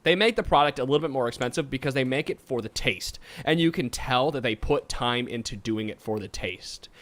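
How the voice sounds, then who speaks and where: A man's voice: mid-range voice, fairly quick. A man hosting a casual podcast, laughing and a bit tipsy as he chats. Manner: animated, laughing, tipsy from wine. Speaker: podcast host. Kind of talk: casual chat.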